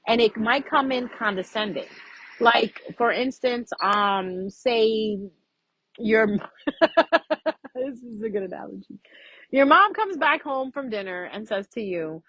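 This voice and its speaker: A woman's voice: a little high, expressive, takes it slowly, a bit bright, no echo, low-quality recording. A woman giving a casual, frank astrology reading as a vlogger, chatty and freely swearing.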